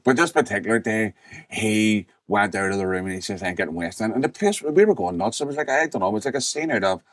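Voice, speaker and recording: A man's voice: fairly low pitch, animated, fast talker, a bit bright, no echo. A middle-aged man, chatting casually and telling school stories with a laugh. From Northern Ireland. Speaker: podcast host. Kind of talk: casual chat.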